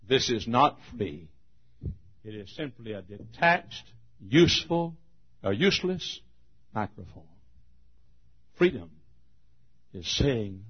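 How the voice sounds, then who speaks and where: Male preacher, sermon, lively swooping pitch, husky, dull old tape. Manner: emphatic, swings from hushed to shouting.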